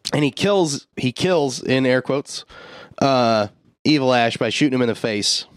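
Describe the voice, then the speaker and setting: A man's voice: mid-range voice, clear, resonant tone, dry recording, studio quality. A man co-hosting a podcast, retelling a film's plot in a loose, profane, joking way and slipping into quoted lines. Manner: loose, profane storytelling that jumps into quoted voices. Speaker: podcast co-host. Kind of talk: casual movie recap chat.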